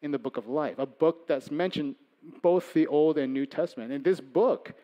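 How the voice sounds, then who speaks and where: A man preaching a sermon as pastor, conversational, moving between loud emphasis and soft asides. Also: a little high, moderate pace.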